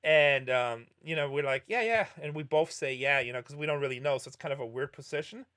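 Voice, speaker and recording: A man's voice: medium pitch, fairly even intonation, fast talker, fairly bright tone, smooth. Rambling middle-aged man chatting casually. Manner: rambling, self-correcting storyteller. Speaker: streamer answering viewer questions. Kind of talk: casual livestream chat while playing poker.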